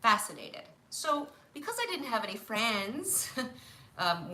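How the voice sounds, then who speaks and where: A woman in her fifties telling stories from her childhood on a live stream, animated, laughing often and acting out what people said. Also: on the low side, a little hiss or hum. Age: 50s. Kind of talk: casual storytelling on a live stream. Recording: roomy echo.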